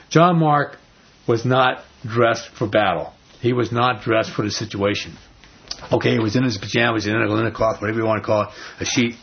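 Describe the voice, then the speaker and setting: A man's voice: mid-range voice, vocal fry, husky, dull audio. A man preaching a sermon in a conversational storytelling way, acting out the people in the story with short bursts of voices and chuckles. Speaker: pastor.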